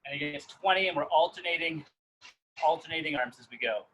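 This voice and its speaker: A man coaching a live swim-band workout, explaining each set calmly and counting reps aloud. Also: on the high side, quick pace, slight background noise. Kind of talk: guiding a live workout session.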